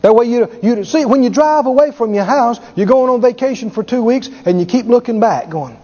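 Preacher guy, really high voice, bouncy and emphatic, echoey hall w/ dull lo-fi sound. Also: expressive, brisk, hardly any pauses. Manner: emphatic, acts out quoted voices, rises to shouts. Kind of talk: sermon. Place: large church hall. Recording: lo-fi hall recording with audience. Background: congregation.

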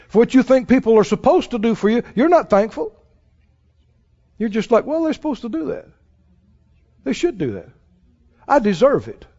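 Male preacher, folksy and emphatic, high lively voice, dull recording in a reverberant hall. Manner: emphatic, folksy, acts out quoted people. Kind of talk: sermon.

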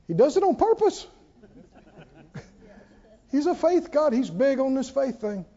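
A man's voice: very high voice, very animated, slow pace, warm tone. A man preaching a sermon to a congregation, who prompts them to answer and repeat lines after him. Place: church hall. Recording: dull sound in a hall with long reverb.

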